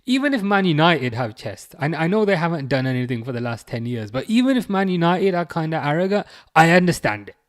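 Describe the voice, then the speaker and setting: A man's voice: on the high side, big pitch swings, a little fast, few pauses. A man from England chatting casually on a live football watchalong stream, reading out viewer messages and teasing them. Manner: chatty, reads chat messages aloud, teasing.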